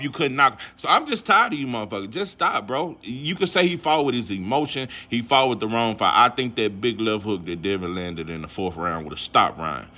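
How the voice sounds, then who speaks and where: A man's voice: medium pitch, pushed and bright. A man vlogging about boxing in a casual, rambling, profane rant full of fillers.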